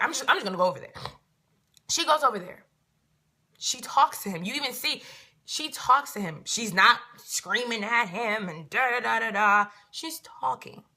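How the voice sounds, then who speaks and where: A woman's voice: a little high, pushed and bright. A woman in a casual to-camera vlog, a reality show cast member answering viewers in an emphatic, repetitive way. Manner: emphatic and repetitive, filling gaps with "da da da".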